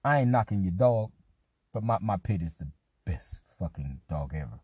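A man's voice: low-pitched, very animated, moderate pace, warm tone, slightly rough, dry recording. A man hosting a podcast in a loose, profane, joking monologue. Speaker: podcast host. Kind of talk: casual monologue.

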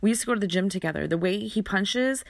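A woman telling a personal story in a halting way, often repeating words and using fillers. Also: mid-range voice, vocal fry, no echo.

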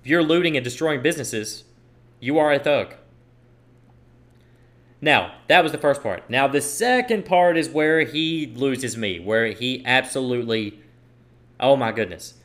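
A man's voice: medium pitch, expressive, measured pace, pauses often, a bit bright. A young man giving an opinion monologue on politics, emphatic and repeating phrases for stress while he reads posts aloud. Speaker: political commentator.

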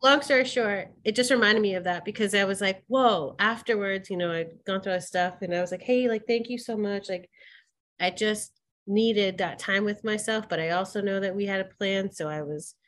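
A woman co-hosting a podcast, telling a personal story in candid, animated chat full of "like" fillers and quick laughs. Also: mid-range voice. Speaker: podcast co-host.

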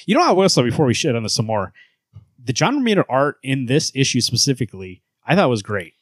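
A man's voice: medium pitch, sing-song, a little fast, slightly rough, no room sound. A man co-hosting a comics podcast, recapping a comic in a casual, profane, rambling way with lots of fillers. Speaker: podcast co-host. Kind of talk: casual chat.

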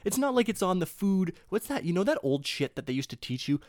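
A man's voice: high-pitched, sing-song, fairly quick, darkish tone, dry recording. A young man ranting casually to viewers, swearing often, rambling through restarts and laughing at his own jokes. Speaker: solo talker addressing viewers. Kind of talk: casual rant.

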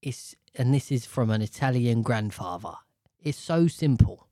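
A man chatting casually as a podcast co-host. He rambles and is animated, and he keeps breaking into little voices. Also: medium pitch, takes it slowly, pauses often, dry recording, clean studio sound. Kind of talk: casual chat.

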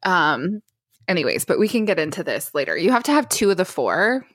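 A young woman, co-hosting a podcast and telling a story in a casual, animated way, full of fillers. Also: lowish voice, fairly quick, no echo, clean studio sound. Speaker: podcast co-host.

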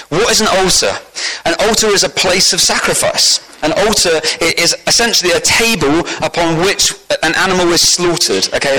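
Guy preaching a sermon, bright forceful voice, gets loud and high when he makes a point, keeps asking the room questions. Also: poor audio. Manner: animated, rises in pitch and volume for emphasis, asks the congregation questions.

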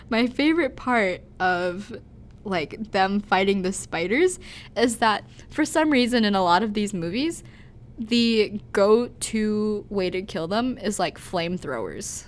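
Woman podcast co-host, lively pitch, giggly and animated, casual. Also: takes it slowly. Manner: animated, giggly storytelling with many "like"s. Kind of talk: casual chat.

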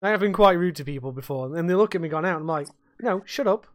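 A young man rants through a casual podcast chat, swearing freely. His voice sits fairly high, and the sound is close and dry. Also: racing, no echo. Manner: sweary, ranting. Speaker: podcast co-host.

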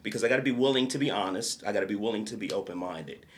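A man's voice: lowish voice, very fast. A man speaking earnestly and reflectively about recovery in a casual podcast chat.

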